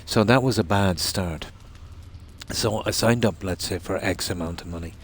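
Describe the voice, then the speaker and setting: Low-voiced man, rambling. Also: normal speed, slight background noise. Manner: rambling, chatty storyteller. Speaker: streamer. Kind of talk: casual chat while gaming.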